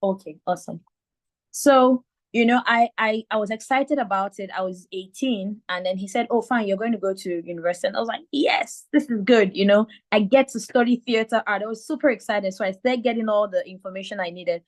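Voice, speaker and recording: A woman's voice: medium pitch, fairly quick. A woman in her thirties from Nigeria with a Nigerian accent and a slight lisp, telling her story as a mentor in a live video call. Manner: animated storyteller acting out quotes. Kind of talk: live online mentoring talk.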